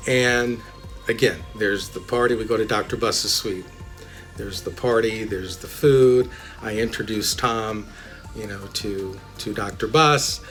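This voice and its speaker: A man who works as an immigration lawyer, telling personal anecdotes in a relaxed, chatty way with many fillers. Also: fairly low pitch, a little slow, faint music behind. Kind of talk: anecdotal storytelling.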